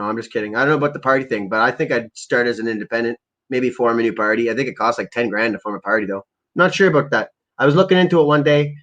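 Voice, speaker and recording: A man's voice: medium pitch, a bit bright, highs cut off. A man hosting a casual livestream, ranting about politics in profane, rambling bursts and reading out viewer comments. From Canada. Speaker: livestream host.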